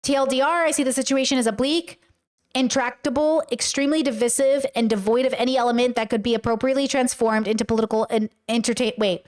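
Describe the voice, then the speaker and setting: Reacting to a video on a livestream, a woman with a fairly high, steady-toned voice reads a text aloud fast and exclaims emotionally, sometimes sounding tearful.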